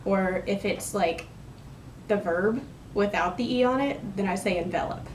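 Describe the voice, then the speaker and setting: In a mid-range voice at a measured pace, a young woman from Texas casually rambles through her accent tag vlog, speaking with a Texan accent and gently mocking herself. The sound is reverberant, she's far from the mic, and a slight hiss or hum runs underneath.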